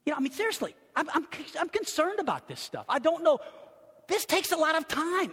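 An older man, a pastor, preaching a sermon and telling family stories with lively, acted-out moments. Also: extremely high pitch, a little fast, big-room sound. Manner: animated storytelling, acts out loud screams.

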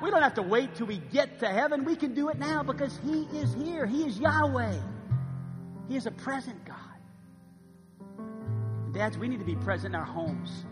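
A preacher in his fifties with a very high voice, delivering a sermon in a big church sanctuary. He drops to near-whispers and then rises to loud emphasis. Long reverb fills the hall, and guitar music plays clearly behind him. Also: lively intonation, normal speed, pauses often. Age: 50s. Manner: preaching with swings from hushed to loud. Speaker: pastor.

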